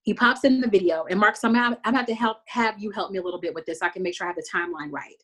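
A woman from Texas hosting a podcast, retelling TV scenes in an animated, casual way full of fillers. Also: mid-range voice, rapid-fire, breathy edge. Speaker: podcast host recapping a TV show. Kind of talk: casual chat.

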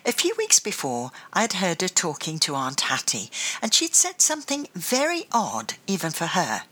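A woman's voice: on the low side, very animated, normal speed, pushed and bright. A woman reading a children's adventure storybook aloud, telling it expressively. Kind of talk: storybook narration.

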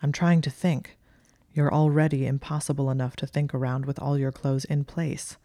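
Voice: mid-range voice, little pitch movement, moderate pace, warm tone, no room sound, studio quality, natural voice. A reader voicing a sardonic, exasperated young male wizard in an audiobook reading, with clipped, strained, firm delivery. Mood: flustered.

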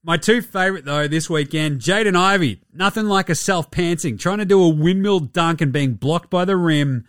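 A man's voice: a little high, moderate pace, hardly any pauses, fairly bright tone, no room sound, studio quality. A young Australian man hosting a casual sports podcast, joking and swearing through his talk. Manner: irreverent, sweary, jokey banter. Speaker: podcast host.

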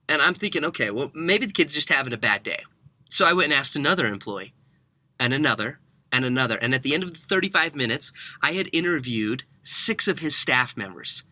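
A young man, a podcast guest, telling a story in conversation, animated and laughing often. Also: fairly high pitch, brisk, no room sound. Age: young adult.

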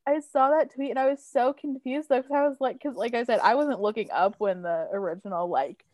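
A woman co-hosting a podcast, chatting casually in an excitable, giggly way. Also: fairly high pitch, a little fast, no room sound, dull audio. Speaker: podcast co-host. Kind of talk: casual chat.

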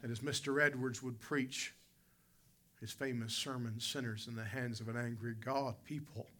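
Male pastor preaching in church, very forceful bright tone, emphatic, big swings from loud peaks to low asides. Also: fairly even intonation, moderate pace. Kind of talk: preaching a sermon. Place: church service with congregation responding.

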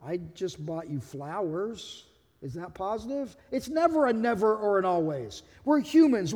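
A man's voice: very high-pitched, darkish tone, long reverb tail. A man who is a pastor, delivering a sermon in a conversational, humorous way and acting out quotes.

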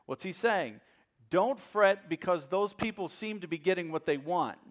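A man preaching from the pulpit of a church, his voice sitting a little high for a man. He swings from ringing emphasis down to near-whispered asides and repeats key phrases to drive them home. The delivery is a pastor's sermon to a congregation. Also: expressive, normal speed. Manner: preacherly, swings from loud to hushed.

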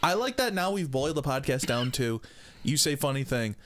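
A man co-hosting a podcast in loose, jokey chat, his pitch swinging widely as he riffs. A faint hiss of noise sits under his voice. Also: very animated, fairly quick, a bit bright. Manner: jokey, often slips into silly put-on voices. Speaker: podcast co-host. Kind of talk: casual comedic chat.

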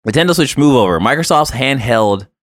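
A man's voice: mid-range voice, expressive, fairly quick, no room sound, studio quality. A man co-hosting a casual gaming news podcast, reading headlines and then joking about them in a laid-back way. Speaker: podcast co-host.

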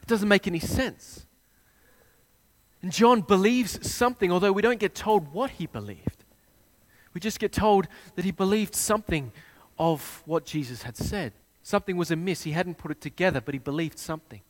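A man preaching a sermon, retelling a scene with dramatic swings between hushed and loud delivery. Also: high voice, moderate pace.

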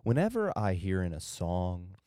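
A man's voice: low-pitched, wildly swooping pitch, normal speed, warm tone, no room sound, clean studio sound. A tired young man rambling loosely through a solo podcast, drifting off topic and losing his train of thought. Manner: drowsy, meandering, loses his train of thought. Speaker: podcast host.

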